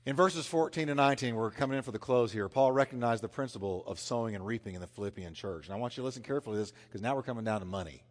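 A man preaching a sermon, swinging between loud emphasis and hushed, intense passages. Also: mid-range voice, rapid-fire, hardly any pauses. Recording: long hall reverb.

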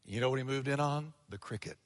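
A male pastor preaching a sermon, swinging between energetic delivery and hushed asides, acting out quoted lines. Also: medium pitch, quick pace, big-room sound. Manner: energetic preaching with sudden drops to quiet, acted-out quotes. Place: church sanctuary.

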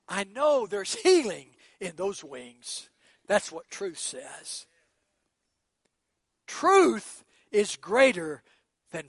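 A male pastor preaching a sermon, acting out quoted voices and swinging between hushed, quiet lines and shouted ones. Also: sits high, no echo.

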